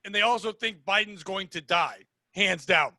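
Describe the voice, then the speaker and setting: A man co-hosting a comedy podcast, ranting loudly and crudely, swearing often. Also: high voice, moderate pace, no room sound. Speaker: podcast co-host. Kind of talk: casual comedic podcast banter.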